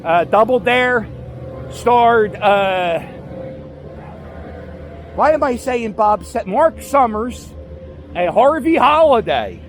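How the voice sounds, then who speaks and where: A man's voice: extremely high pitch, expressive, slow pace, pauses often, faint music behind. A man giving a casual walking-tour vlog outdoors on a city street, rambling and correcting himself as he goes. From Philadelphia area. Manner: rambling, self-correcting, offhand. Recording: faint street noise outdoors.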